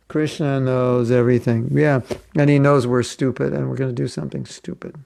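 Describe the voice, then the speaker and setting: A man's voice: medium pitch, steady tone, fairly quick, gravelly, darkish tone. An older man teaching an informal spiritual class, answering questions and joking with mock accents. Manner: playful, slips into mock accents.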